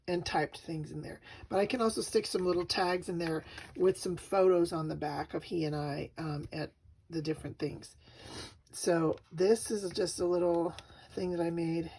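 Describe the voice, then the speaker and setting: A middle-aged woman with a lowish voice, chatting casually as she shows her craft pages. She talks softly and rambles, with many fillers and restarts. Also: a little hiss or hum. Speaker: craft vlogger.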